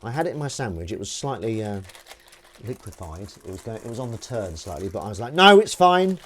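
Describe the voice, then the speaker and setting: A man's voice: fairly low pitch, lively intonation, quick pace, a little mellow, a little hiss or hum. A man hosting a livestream from his kitchen, chatting casually and jokingly while reading out viewer comments. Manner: rambling, jokey, reading out chat comments. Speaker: livestream host. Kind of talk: casual chat while washing up.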